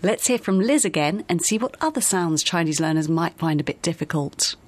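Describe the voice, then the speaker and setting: A woman co-hosting a radio pronunciation lesson, speaking carefully and demonstrating sounds slowly. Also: on the low side, animated. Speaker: co-host of English pronunciation lesson.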